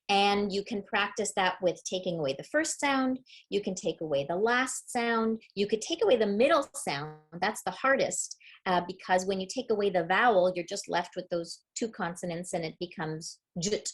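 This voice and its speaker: A woman's voice: medium pitch, expressive, normal speed, few pauses, slightly rough. A middle-aged woman teaching a parenting webinar on early reading, upbeat and demonstrative, explaining step by step. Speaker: literacy educator.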